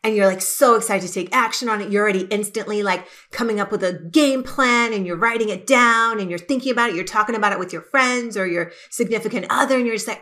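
A woman hosting a podcast, giving an energetic, emphatic motivational talk and stretching key words for effect. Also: medium pitch, moderate pace. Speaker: podcast host.

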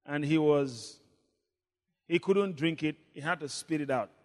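A man preaching a sermon, leading the congregation in call and response, swinging between shouts and low murmurs. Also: a little slow, big-room sound. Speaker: pastor.

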